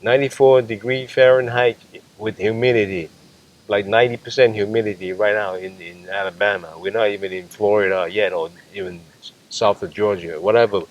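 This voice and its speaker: A man's voice: fairly low pitch, steady tone, a little fast, dull audio. A man vlogging casually while cooking outdoors at a campground, rambling and restarting his sentences, sometimes stepping away from the camera. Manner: rambling, chatty, trails off and restarts. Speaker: camping vlogger. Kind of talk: casual vlog, cooking talk. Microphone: camera, at times several meters away. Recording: outdoor camera audio with clear insect noise.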